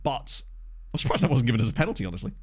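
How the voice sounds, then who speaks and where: A man streaming a football management game, chatting casually with his viewers and reacting excitedly to the match. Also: medium pitch, very fast, breathy edge, dry recording, clean studio sound. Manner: chatty, reads chat aloud, excitable reactions to match play. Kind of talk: casual live-stream chat with commentary. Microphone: desk microphone.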